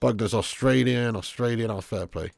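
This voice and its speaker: A man's voice: medium pitch, normal speed, creaky, dry recording, clean studio sound. A man hosting a live football watch-along, chatting casually with his viewers and swearing freely. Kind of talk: live stream commentary and chat.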